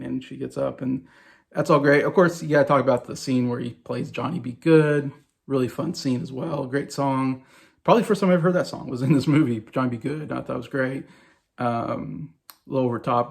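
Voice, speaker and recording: A man's voice: medium pitch, creaky. A man in his forties talking casually and enthusiastically about favorite movies, rambling with many fillers and restarts. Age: 40s. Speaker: movie vlogger.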